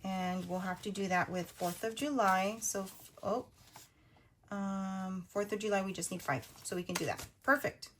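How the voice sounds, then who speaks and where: A woman in her thirties hosting a budgeting video, chatting casually while she counts cash out loud. Her voice is going a little hoarse. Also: mid-range voice, steady tone, slight background noise. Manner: chatty, counts money out loud, quick asides.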